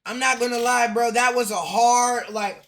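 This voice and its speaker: A man's voice: very high-pitched, fairly even intonation, normal speed, fairly bright tone. A man hosting a reaction video, talking in a blunt, incredulous, joking way. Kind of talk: casual reaction commentary.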